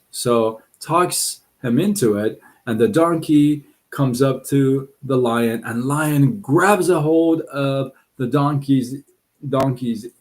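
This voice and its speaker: A man hosting a live stream, chatting casually with viewers and telling a story. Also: mid-range voice. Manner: relaxed, chatty, many fillers and restarts.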